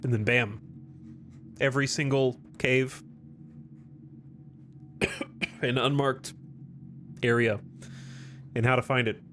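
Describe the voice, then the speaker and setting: A man giving live gameplay commentary to his chat, clearing his throat often after choking. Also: mid-range voice, fairly even intonation, slow pace, pauses often, a bit bright. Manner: talks to chat while playing, with frequent throat clearing. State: choking and coughing. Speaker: streamer.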